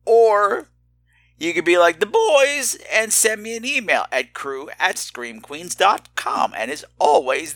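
Middle-aged man, camp horror podcast host, bright and lively, playful self-mockery. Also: on the high side, unhurried. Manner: campy, theatrical, self-mocking. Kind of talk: horror podcast listener feedback and sign-off.

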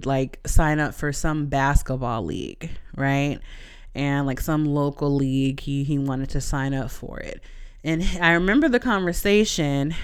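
Woman, podcast host, casual storytelling, exasperated, very clear voice. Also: low-pitched. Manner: candid, exasperated, laughs while telling.

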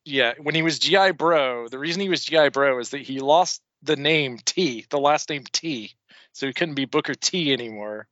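A man trades stories on a casual podcast, chatty and profane and often laughing. His tone is bright and edgy. The recording is dry and muffled, with a lo-fi sound. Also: medium pitch, normal speed, no echo. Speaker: podcast co-host. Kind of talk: casual wrestling chat.

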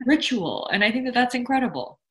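A woman's voice: fairly high pitch, lively intonation, quick pace, fairly bright tone, slight background noise, rough recording. A woman hosting a casual interview, chatty and enthusiastic, laughing easily. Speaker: podcast host.

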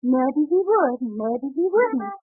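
A sassy magic talking harp. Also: female voice, high-pitched, very animated, slow pace, no echo, faint music behind, heavily acted. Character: magic talking harp under a giant's spell. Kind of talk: 1940s radio acting. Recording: thin lo-fi 1940 radio broadcast.

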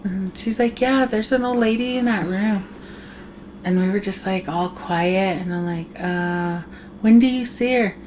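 A woman telling a ghost story on a podcast in a casual, animated way, acting out other people's lines and laughing often. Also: medium pitch, measured pace, a little hiss or hum. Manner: animated, acts out others' voices in her tales. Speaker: podcast guest, host's wife.

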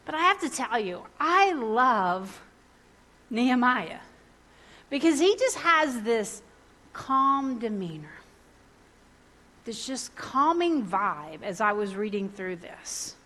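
A woman, preaching a sermon in a lively, conversational way and acting out the people in the story. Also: a little high, slow pace, long pauses. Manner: lively, conversational, acts out biblical characters in casual voices.

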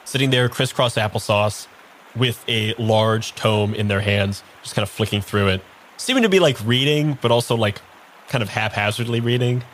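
A man's voice: fairly low pitch, moderate pace, a bit bright, a little hiss or hum. A man narrating as game master of a tabletop game, in a loose, filler-heavy way.

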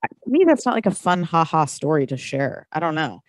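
Thirties woman, low pitch, blunt casual co-host, dry room. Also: big pitch swings, fairly quick, dry recording. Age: 30s. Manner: blunt, swears freely. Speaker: podcast co-host. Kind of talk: casual chat.

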